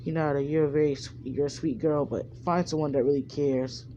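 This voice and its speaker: A cold, heartbroken young male ninja, as a fan storyteller puts him on. The voice stays mellow and dark, with a flat, withdrawn delivery. The recording is dull and lo-fi, with a faint hiss behind it. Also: mid-range voice, fairly quick, natural voice.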